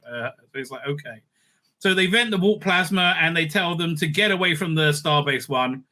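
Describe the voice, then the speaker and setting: A man's voice: a little high, animated, normal speed, pushed and bright. A man hosting a casual, sarcastic review rant, swearing often and stumbling over fillers. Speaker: reviewer, channel host.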